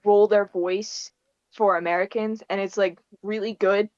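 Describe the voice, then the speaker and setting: A woman's voice: medium pitch, fairly even intonation, a little slow, a little mellow, no echo, muffled recording. A young woman co-hosting a casual podcast, chatty and teasing. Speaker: podcast co-host. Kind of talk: casual chat.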